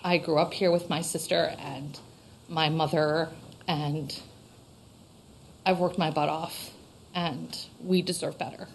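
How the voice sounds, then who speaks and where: A woman's voice: low voice, steady tone, slow pace, gravelly, pauses often, slight background noise, rough recording. A woman from Vermont, a local shop owner, giving an earnest, emotional public comment into a microphone in a town meeting room.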